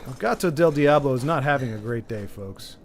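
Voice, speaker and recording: A man's voice: medium pitch, expressive, brisk, a little hiss or hum. A man streaming a video game, joking and rambling as he chats with his viewers. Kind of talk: casual gaming commentary. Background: faint game music.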